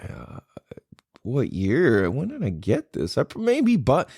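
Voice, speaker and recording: A man's voice: mid-range voice, slow pace, gravelly, breathy edge, no echo, studio quality. A young man hosting a podcast, chatting casually with lots of swearing and laughter. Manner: animated, swearing, laughs a lot. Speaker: podcast host. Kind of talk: casual chat.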